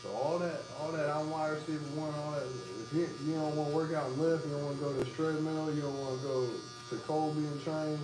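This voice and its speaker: A man's voice: on the high side, steady tone, fairly quick, hardly any pauses. A man co-hosting a casual podcast, telling stories with lots of laughter and swearing freely. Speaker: podcast co-host. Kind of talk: casual chat. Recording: echoey room with noise.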